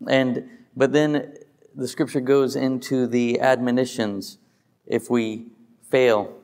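A man giving a relaxed sermon as a pastor, reading scripture aloud and chuckling at his own stumbles. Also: medium pitch, takes it slowly, long reverb tail.

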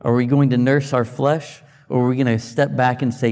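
Guy preaching a sermon, chatty teaching style, lots of questions, middle pitch, long echoey hall reverb. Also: flat delivery, moderate pace, few pauses, darkish tone. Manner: conversational teaching with rhetorical questions and restarts. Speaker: pastor. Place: church sanctuary.

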